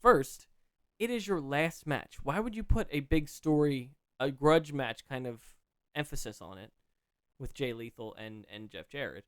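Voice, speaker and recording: Smooth-voiced man rambling casually. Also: mid-range voice, lively intonation, unhurried, no room sound. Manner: rambling, many restarts and fillers. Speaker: podcast co-host. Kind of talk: casual chat.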